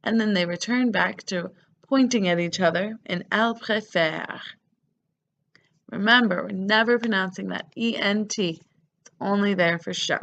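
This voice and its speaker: Slow, gravelly woman teaching French. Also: medium pitch, a bit bright, muffled recording. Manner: patient, spells out endings letter by letter. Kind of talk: grammar lesson.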